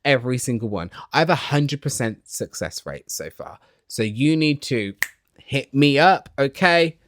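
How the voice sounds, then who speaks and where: Excitable man ranting. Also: mid-range voice, a little slow, no echo. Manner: excitable, swearing, dramatic. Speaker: reality TV recap vlogger. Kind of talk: ranting casual recap. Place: small home studio.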